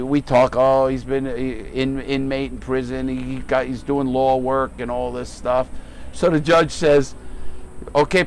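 A middle-aged man hosts a casual podcast chat, spinning profane, animated stories and jumping into other people's voices. His voice sits in a middle pitch. A faint hum of background noise runs under it. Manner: profane, animated storyteller acting out courtroom voices. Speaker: podcast host.

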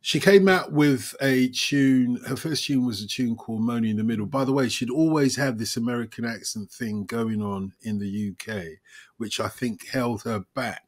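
A man hosting a conversation, telling stories in a lively, opinionated way. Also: mid-range voice, normal speed. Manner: storytelling, animated and opinionated. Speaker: host. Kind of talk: casual chat.

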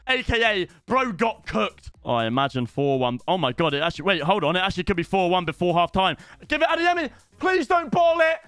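Young British male streamer, excitable banter; bright, crisp voice. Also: high voice, no echo. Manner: excitable banter, bursts of shouting at goals. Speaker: gaming streamer. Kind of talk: live gaming commentary.

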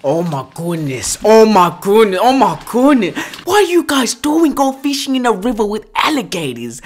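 A woman's voice: on the high side, very animated, moderate pace, hardly any pauses, darkish tone. A woman hosting a reaction video who keeps exclaiming in shock and scolding the people on screen, repeating short outbursts. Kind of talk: casual reaction commentary.

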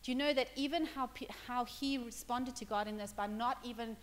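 High-voiced woman preaching a sermon. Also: fairly quick, big-room sound. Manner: conversational preaching, builds to emphatic, acts out quotes. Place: church hall.

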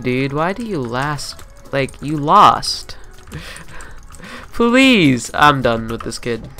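A young man giving profane, running commentary over his own game, muttering asides and then yelling trash talk at opponents. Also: mid-range voice, background noise. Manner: profane, swinging between mumbled asides and yelled trash talk. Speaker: gameplay commentator. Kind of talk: live gameplay commentary.

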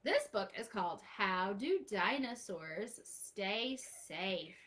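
A woman's voice: medium pitch, animated, takes it slowly, a bit bright. A woman librarian holding an online storytime for young children, reading aloud and singing with a sing-song, exclaiming manner.

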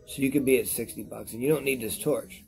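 A man reviewing products on his vlog in a rambling, profane rant to camera while he is high, repeating himself as he talks. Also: fast, vocal fry, a little mellow, faint music behind.

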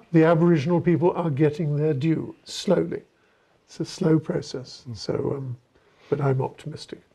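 A man's voice: fairly high pitch, creaky, warm tone, slightly rough. A man giving an author talk, storytelling in a discursive way with wry, self-deprecating asides. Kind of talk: storytelling lecture answering questions.

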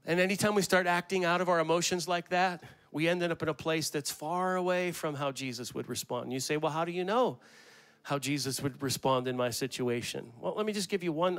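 Animated male pastor preaching a sermon. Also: fairly high pitch, a little fast, music in the background. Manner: animated, conversational preaching with rhetorical questions and acted-out quotes.

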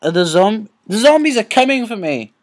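A man's voice: high voice, big pitch swings, moderate pace. A man giving let's play commentary, rambling to himself and yelping at sudden scares. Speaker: gaming YouTuber.

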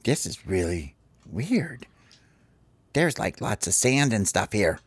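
Man doing young skater birds in a spoken children's story, chill and curious, lively pitch. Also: breathy edge, no echo, exaggerated voice. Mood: puzzled. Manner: casual, drawn-out, full of "like".

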